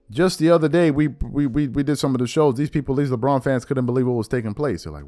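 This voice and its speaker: A man hosting a podcast, giving a mocking commentary monologue that swings between hushed asides and loud outbursts. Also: medium pitch, fast talker, soft background music. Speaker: podcast host.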